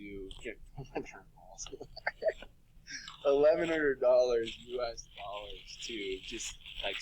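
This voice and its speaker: A man, a mindset coach, telling an embarrassing personal story to an audience in a self-mocking way, jumping into high put-on voices for his own thoughts. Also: a bit bright, a little hiss or hum, rough recording.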